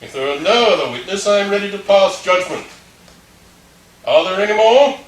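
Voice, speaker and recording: Actor as a formal, stern judge, slightly high voice; distant echoey read. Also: male voice, expressive. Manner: formal, measured questioning. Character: stern male judge passing sentence. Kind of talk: table-read drama. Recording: echoey room, mic far off, faint noise.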